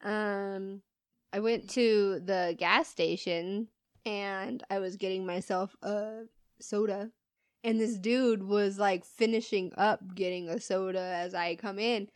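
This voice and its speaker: A woman's voice: medium pitch, fairly even intonation, slow pace, clear, resonant tone, no room sound. A woman co-hosting a podcast, telling stories in casual chat, laughing often and swearing as she acts out the people in them. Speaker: podcast co-host.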